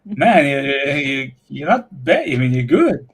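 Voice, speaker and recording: A man's voice: mid-range voice, sing-song, slow pace, breathy edge. A man hosting a livestream in casual chat, reading out donations, hesitant with many "uh"s and restarts.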